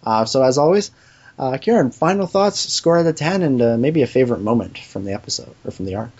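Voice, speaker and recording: A man hosts a podcast in casual chat. His pitch swings widely and his speech is hesitant, with restarts and laughs. The recording sounds dull and lo-fi. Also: lively intonation, a little fast, creaky, darkish tone, husky. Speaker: podcast host.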